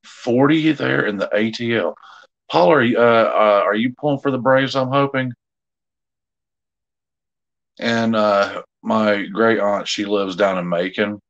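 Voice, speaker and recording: A man's voice: fairly low pitch, measured pace, vocal fry, long pauses, a bit bright, highs cut off. A middle-aged man, chatting casually with viewers as co-host of a live jewelry sale, rambling and easygoing with many fillers.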